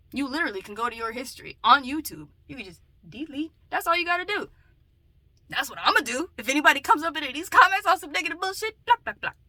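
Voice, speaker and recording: Woman vlogger, bright voice, on the high side, chatty, loud bursts and muttered asides. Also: no echo. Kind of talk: casual talking-to-camera vlog.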